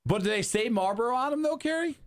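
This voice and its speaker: A man's voice: extremely high pitch, lively intonation, quick pace. A man in his forties in loose, profane, rambling chat on a radio talk show. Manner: profane, rambling banter with restarts. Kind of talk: casual chat.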